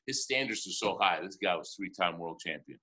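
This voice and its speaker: A man in his fifties, a motivational speaker telling stories in an interview, lively and chuckling often, often restarting his sentences. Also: sits low, fairly quick, background noise. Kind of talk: animated storytelling in conversation.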